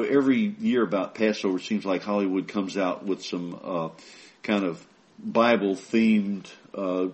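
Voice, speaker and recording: A man preaching a sermon, earnest, with frequent repeated words as he talks off the cuff and a rising, louder delivery on scripture quotes. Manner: earnest, rises in pitch and volume on scripture quotes, repeats words when ad-libbing.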